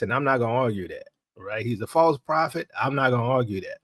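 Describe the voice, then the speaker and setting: A man's voice: mid-range voice, animated, fast, few pauses, dry recording. Guy running a church livestream, casual and chatty, keeps checking in w viewers, dry close sound. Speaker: ministry livestream host.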